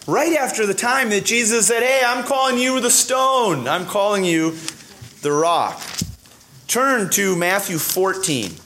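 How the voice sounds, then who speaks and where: Animated male preacher. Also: high-pitched, slight background noise. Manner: animated, acts out dialogue, many fillers and restarts. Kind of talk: sermon.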